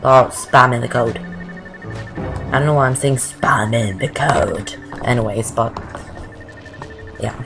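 A woman with a very deep voice speaks slowly, with long pauses, on a rough recording. She gives casual, rambling Let's Play commentary over a video game walkthrough, often drifting off topic, with game music behind her.

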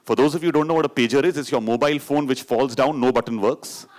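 A man's voice: medium pitch, fast. Indian man telling a stage story. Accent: Indian English. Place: stage before an audience.

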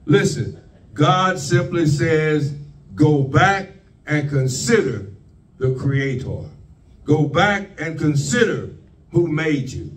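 A man preaching a sermon, slow and deliberate, leaning on repeated phrases. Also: on the high side, animated, distant mic, poor audio. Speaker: pastor.

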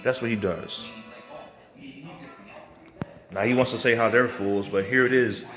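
A man's voice: mid-range voice, fairly even intonation, unhurried, a bit bright, soft background music. A man ranting hotly to camera as a vlogger, profane and confrontational, now and then mocking others in put-on voices. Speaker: vlogger and music producer.

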